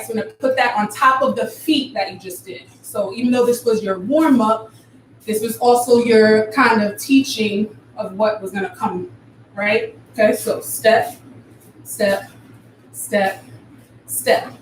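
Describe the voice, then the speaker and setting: Woman dance instructor, higher voice, recorded off-mic in an echoey studio, calls out counts. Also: moderate pace. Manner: counts rhythms aloud with vocal syllables. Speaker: dance teacher. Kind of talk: live online dance class instruction. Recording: echoey room from far off, faint noise.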